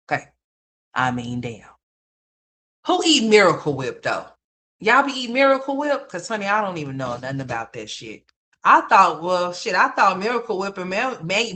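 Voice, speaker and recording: Bold, profane woman livestream host. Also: low voice. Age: adult mother. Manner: loud, profane, animated, calls viewers "y'all" and "honey". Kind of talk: casual livestream commentary reacting to chat.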